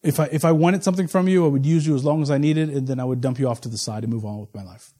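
A man in his forties preaching a sermon as pastor, shifting between quiet, confiding asides and slow, emphatic, rising proclamation. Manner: swings from low, intimate asides to loud, slow, emphatic proclamation.

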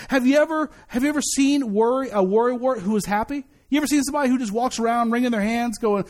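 A male pastor preaching a sermon in a lively, conversational way, often repeating words as he restarts. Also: extremely high pitch, normal speed.

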